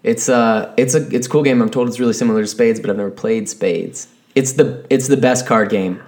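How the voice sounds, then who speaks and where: A young man co-hosts a podcast in relaxed, profane chat. He tells stories with plenty of energy in a middle-pitched voice. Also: a little fast. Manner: animated storyteller, swears freely. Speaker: podcast co-host.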